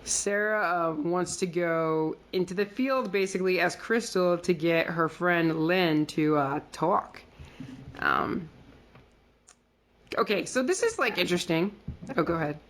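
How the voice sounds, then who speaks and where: Casual woman co-host lower register, chatty and playful. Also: unhurried. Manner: chatty, lots of fillers, quotes characters in playful voices. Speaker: podcast co-host. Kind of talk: casual recap chat.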